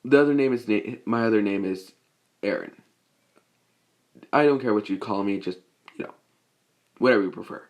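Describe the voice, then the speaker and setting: A man's voice: on the low side, moderate pace, pauses often, close to an everyday voice. A man voicing a blunt teen hero boy. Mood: offhand. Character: confident teenage boy hero student, blunt.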